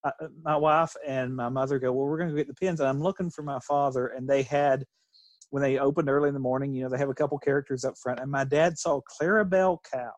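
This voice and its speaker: A man's voice: mid-range voice, fairly even intonation, fast talker, dry recording. A middle-aged man from Kentucky telling a family story in casual chat, rambling and laughing as he goes. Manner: rambling, restarts and laughs while telling stories.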